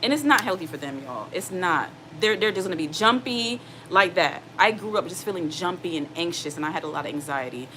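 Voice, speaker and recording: Earnest single mom talking straight to viewers. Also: female voice, fairly low pitch. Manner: earnest, direct, addresses viewers as y'all. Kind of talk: casual advice to viewers. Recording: noticeable background noise.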